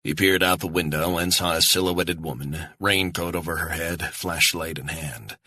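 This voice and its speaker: Male thriller narrator, low, husky, sharp-edged tone, dry close recording. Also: fairly even intonation, moderate pace, hardly any pauses, no room sound. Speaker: audiobook narrator.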